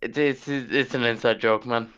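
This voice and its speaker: A man's voice: medium pitch, steady tone, moderate pace, fairly bright tone, clear, resonant tone, dull audio. A man, a guest on a podcast, bantering crudely over an online call. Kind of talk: casual podcast chat. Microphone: online call connection.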